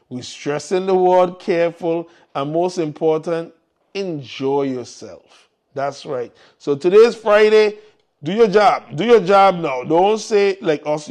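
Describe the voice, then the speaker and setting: A man with a lilt hosts a live community show in easy, casual chat. His voice sits a little high, and he keeps repeating his encouragements to the listeners in an upbeat way. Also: a little mellow. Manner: upbeat, repetitive exhortations to the audience. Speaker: morning show host.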